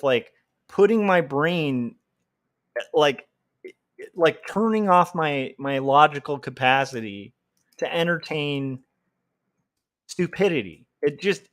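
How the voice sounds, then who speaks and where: A man's voice: a little high, lively intonation, takes it slowly. A man ranting on a casual livestream, heated and rambling, with many filler words. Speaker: comic artist livestreamer.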